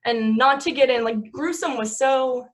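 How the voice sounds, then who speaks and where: Young actress guest, chatty and self-mocking, a higher-pitched woman's voice. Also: normal speed. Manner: rambling, laughing, self-mocking. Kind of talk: casual podcast chat.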